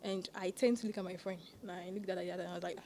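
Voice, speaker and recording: Young woman, podcast co-host, casual chat, animated storytelling, laughs a lot. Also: lowish voice, rapid-fire, slight background noise.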